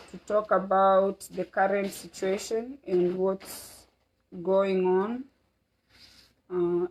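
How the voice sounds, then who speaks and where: A woman's voice: medium pitch, rough recording. Middle-aged woman from Kenya hosting a family livestream; loose, rambling delivery, mid voice. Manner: warm, rambling, many fillers. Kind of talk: casual livestream chat.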